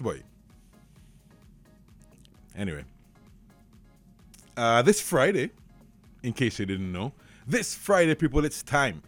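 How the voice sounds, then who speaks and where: A man with a Trinidadian accent, hosting a radio show with casual chat and live ad reads, animated and excitable. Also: mid-range voice. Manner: animated, excitable, slips into dialect rants. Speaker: radio host.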